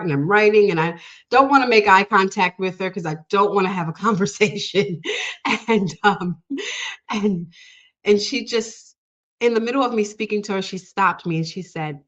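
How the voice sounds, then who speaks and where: A woman with a lowish voice tells a personal story in conversation. She is earnest and emotional, and her words tumble out with fillers and nervous little laughs. The audio sounds dull and lo-fi. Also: fairly bright tone. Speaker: guest.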